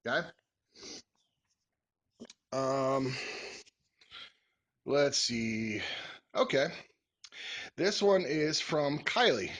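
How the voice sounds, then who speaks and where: A man's voice: medium pitch, lively intonation, drawn-out words, long pauses, fairly bright tone, slight background noise. A man in his forties chatting casually as a vlogger, answering follower questions in a joking, rambling, folksy way. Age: 40s. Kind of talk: casual Q&A chat.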